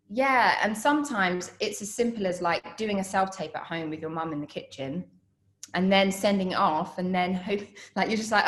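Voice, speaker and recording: A woman in her thirties, an actress chatting in a relaxed way over a video call, telling stories with fillers and laughs. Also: medium pitch. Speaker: actress answering student questions. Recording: roomy echo on a call.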